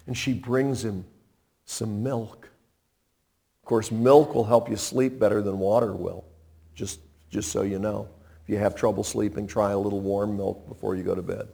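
A man preaching a sermon, retelling a story in a conversational way, with dramatic swings from loud to hushed. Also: fairly low pitch, normal speed, creaky, husky. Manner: animated, conversational, dramatic shifts in loudness.

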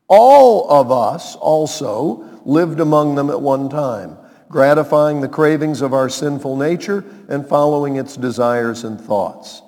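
A man's voice: a little high, takes it slowly, a little mellow, long reverb tail. A man preaching a radio sermon as pastor, emphatic and asking the listeners rhetorical questions.

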